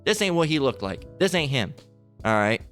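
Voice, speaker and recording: A man's voice: medium pitch, sing-song, normal speed, a bit bright, faint music behind. A man preaching a heated, profane sermon, ranting, repeating himself and firing off rhetorical questions between scripture readings.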